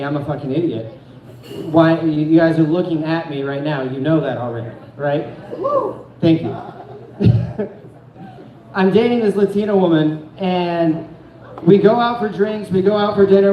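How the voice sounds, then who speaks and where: A young man from Phoenix, Arizona, performs rambling, profane, self-deprecating stand-up storytelling on a comedy club stage. His voice is high-pitched, and the lo-fi recording has an echoey room and a little hiss or hum.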